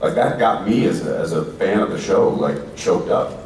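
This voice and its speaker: A man's voice: low voice, animated, moderate pace, a little mellow, a little hiss or hum. A man in his forties, an actor on a convention panel, telling thoughtful stories to a live audience, often trailing off and restarting. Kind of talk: reflective storytelling to a live audience. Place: large convention hall stage. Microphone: handheld mic, recorded from the audience. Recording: distant echoey hall audience recording.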